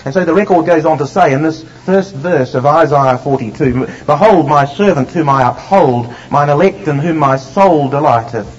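Man preaching a sermon, slightly high voice. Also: slight background noise. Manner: emphatic, reads scripture slowly with stress. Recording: dull lo-fi recording.

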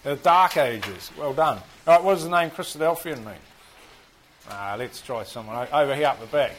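A man's voice: mid-range voice, lively intonation, moderate pace, a bit bright, low-quality recording. A man with a New Zealand accent teaching a Bible class, quizzing the group and joking at his own expense. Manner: chatty, self-deprecating, asks the group questions.

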